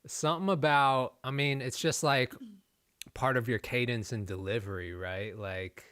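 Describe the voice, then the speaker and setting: A man's voice: mid-range voice, steady tone, normal speed, a bit bright, no room sound, studio quality. A man hosting a live music review stream, talking casually and frankly, laughing easily and addressing his chat. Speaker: host reviewing submitted music.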